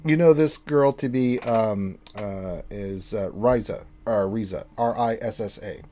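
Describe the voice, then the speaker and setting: A man's voice: lowish voice, measured pace, warm tone. A man narrating a tabletop game as game master, rambling and often correcting himself.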